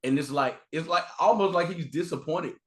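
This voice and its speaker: A man's voice: on the high side, moderate pace. A young adult man, a guest on a podcast, chatting casually and acting out the people in his stories. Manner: animated storyteller, acts out quotes. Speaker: guest content creator. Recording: roomy echo.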